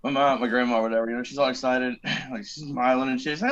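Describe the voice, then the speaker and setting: Animated, swearing veteran telling war stories. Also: male voice, mid-range voice, quick pace, highs cut off. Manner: animated, swears a lot, acts out quoted voices. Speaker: podcast guest, army veteran. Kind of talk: casual storytelling.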